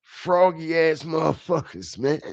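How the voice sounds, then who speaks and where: A man rants on his livestream in a heated, taunting way, pressing each point again and again. His voice sits a bit high and he talks slowly. The audio is dry and a little dull, like a home streaming mic. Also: expressive, no room sound. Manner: heated, confrontational, repetitive and taunting. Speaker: livestream commentary host. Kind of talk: profane ranting livestream commentary. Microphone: streaming setup mic.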